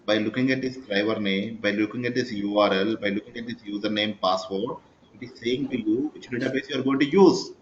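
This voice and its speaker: A man's voice: lowish voice, fairly quick, a little hiss or hum. A man teaching a live coding lecture, constantly checking in with his students by asking yes-or-no questions. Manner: keeps quizzing the class, asking 'yes or no?'. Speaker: programming instructor. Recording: echoey, dull recording of a class session.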